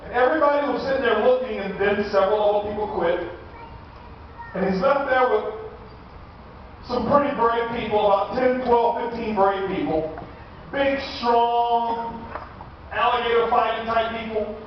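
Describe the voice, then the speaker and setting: A man's voice: very high voice, moderate pace, long pauses, a little hiss or hum. Man, stage speaker, dramatic storytelling, distant, dull sound. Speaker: motivational speaker. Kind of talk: storytelling speech to a live audience. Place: large theater hall. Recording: echoey hall from far off, dull.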